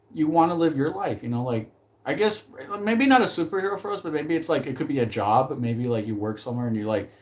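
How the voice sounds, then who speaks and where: A man chatting casually on a live stream about films he loves, rambling with lots of "like" and swearing when he gets excited. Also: mid-range voice.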